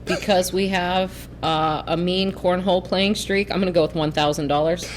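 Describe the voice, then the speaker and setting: Woman teacher guesting on a podcast, lowish voice, quick jokey comebacks, faint hiss. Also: steady tone. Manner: quick, joking one-liners. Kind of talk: casual podcast chat.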